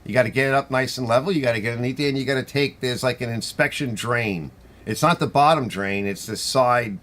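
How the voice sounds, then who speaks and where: A man's voice: mid-range voice, a little fast, a bit bright. A middle-aged man with a New York accent hosts a live stream, chatting casually and answering viewer comments in a rambling, conversational way. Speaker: host of a garage channel live stream.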